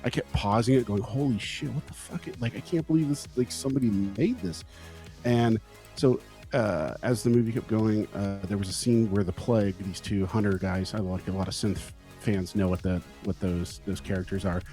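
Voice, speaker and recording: A man's voice: lowish voice, normal speed, mellow, faint music behind. A man from California, a guest musician in a casual interview, who tells laid-back stories, swears freely and acts out his own past thoughts.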